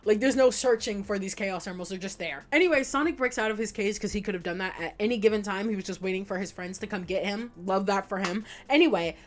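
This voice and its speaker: A young woman giving a casual retrospective commentary, animated and emphatic, swearing freely as she talks. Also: mid-range voice, fast talker, few pauses. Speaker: video essayist.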